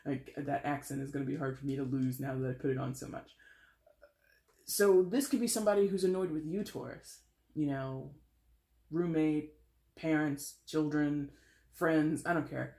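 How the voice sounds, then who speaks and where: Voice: mid-range voice, moderate pace, creaky, pauses often, echoey room. A tarot reader from the States giving a blunt, tough-love reading with a sarcastic edge. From United States. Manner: sarcastic, mimics whiners.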